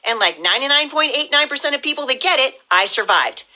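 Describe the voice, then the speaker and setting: A woman's voice: high voice, expressive, fast, sharp tone, poor audio. A middle-aged woman from the US Pacific Northwest, giving a fiery, indignant live-stream address as a political candidate.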